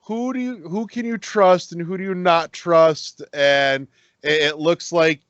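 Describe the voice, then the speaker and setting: A man co-hosting a casual podcast, with a slightly higher voice that rambles and swears freely. His dry, close sound comes through a dull, lo-fi mic. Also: a little slow, no room sound. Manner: rambling, profane, animated when excited. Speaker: podcast co-host.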